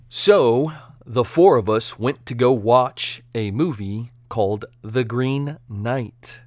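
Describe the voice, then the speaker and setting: A male podcast host reviews something on his own in a casual, chatty, energetic way, occasionally dropping into silly joke accents. His pitch is medium, and the recording has no echo.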